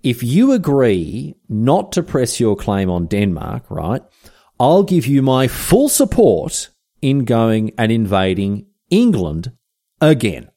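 A wary young Danish king voiced by a man who haggles like a sheepish mate. His tone is warm and mellow, and his pitch moves a lot. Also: sing-song, slow pace, full character voice. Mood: matey. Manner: sheepish, matey bargaining.

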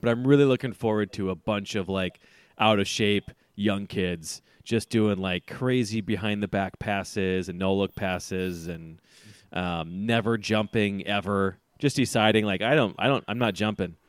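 A man's voice: fairly low pitch, unhurried, clean tone, no echo. A man co-hosting a sports podcast, rambling and teasing, laughing often. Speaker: podcast co-host. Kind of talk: casual sports banter.

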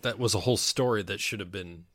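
Low-voiced guy tossing out dry one-liners at a movie, close dry mic. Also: fast talker, fairly bright tone, no echo. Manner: dry, wisecracking, short remarks. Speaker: podcast co-host. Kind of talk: casual watch-along commentary.

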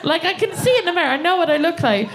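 A woman's voice: very high-pitched, very animated, very fast, noisy background. A woman with an Irish accent, guest co-hosting a live comedy podcast in a theatre, telling self-mocking stories in a rambling way. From Ireland. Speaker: guest co-host. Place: theatre stage before a live audience.

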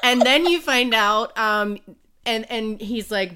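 A podcast co-host, a woman recapping a story in loose, casual chat. Her voice is bright and forceful. She is animated, swears freely and breaks into laughter often. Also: on the high side, slow, clear, resonant tone.

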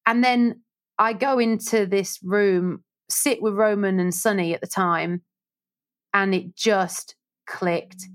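A woman tells her stories in a lively, casual way as an interview guest. Her voice sits at a middle pitch, and she slips into the voices of the people she quotes. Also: slow pace. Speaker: radio presenter, guest.

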